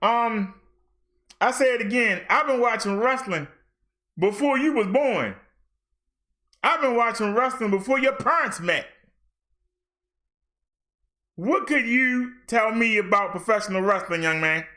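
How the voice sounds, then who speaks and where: A middle-aged man hosts a wrestling review show, ranting bluntly and animatedly with plenty of trash talk. His voice is high-pitched and his pace is moderate.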